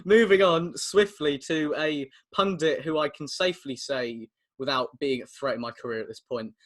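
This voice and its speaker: A young man with an English accent co-hosts a relaxed podcast, talking over a video call in a slightly raised pitch. He tells stories in a chatty way and laughs often. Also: normal speed. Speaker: podcast co-host. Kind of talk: casual chat.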